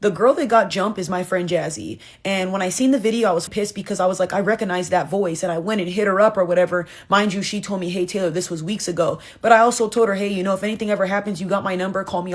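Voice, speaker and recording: A young woman hosting a reaction video, giving passionate, blunt and confrontational commentary with plenty of swearing. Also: mid-range voice. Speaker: reaction channel host.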